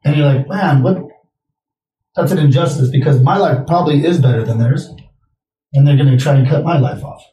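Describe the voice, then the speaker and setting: A man's voice: on the high side, a little fast, long pauses, dark tone, recorded from a distance. A young man co-hosting a podcast in casual chat, a rambling storyteller who swears freely. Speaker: podcast co-host. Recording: echoey room, off-mic.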